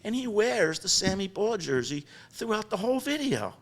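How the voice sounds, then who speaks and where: Older male guest, chatty storyteller, mid-pitched, animated and rambling, podcast interview. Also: normal speed. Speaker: guest business founder. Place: podcast studio.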